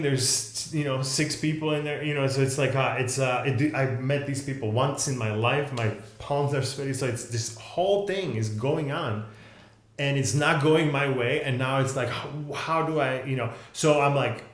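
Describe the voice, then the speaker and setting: A man co-hosting a casual podcast conversation, telling a story in a halting, rambling way with many restarts. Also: medium pitch, reverberant. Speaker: podcast co-host.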